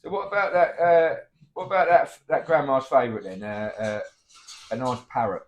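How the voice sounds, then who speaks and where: A man's voice: mid-range voice, moderate pace, lo-fi sound. A middle-aged man, trading cheeky, blokey comic banter and calling his partner mate. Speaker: comedy double act co-host.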